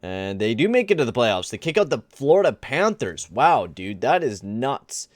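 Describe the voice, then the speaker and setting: A man's voice: mid-range voice, big pitch swings, normal speed, no echo, clean studio sound. A young man giving casual gameplay commentary, rambling and exasperated, full of slang like "dude" and "bruh". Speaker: gaming channel host.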